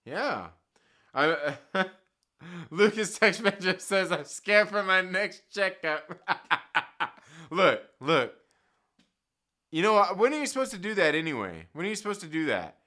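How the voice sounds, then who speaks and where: Speaking slowly with long pauses, this live-stream host has a high-pitched, sing-song, sharp voice. He's an adult with kids who reads viewers' comments aloud, jokes in slangy, profane ways, and laughs a lot.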